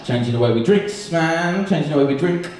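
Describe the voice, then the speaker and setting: A man from England performs a stand-up routine on a club stage, swearing freely and acting out little scenes as he tells them. His voice sits a bit high for a man. It is caught from a distance in a very echoey live room. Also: fairly quick, slight background noise. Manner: sweary, animated storytelling with voiced characters. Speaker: stand-up comedian. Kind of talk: stand-up comedy set. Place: comedy club stage with audience.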